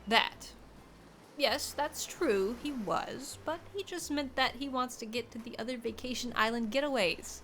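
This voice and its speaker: A woman's voice: on the high side, measured pace, fairly bright tone, slight background noise. A woman voicing a smug, shady narrator in a game, dry and theatrical. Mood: sly. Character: smug, shady island narrator, sly host.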